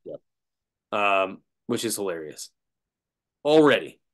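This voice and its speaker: A man's voice: lowish voice, very animated, takes it slowly. A man, a drummer as guest, telling a rambling story in casual chat, laughing and restarting often.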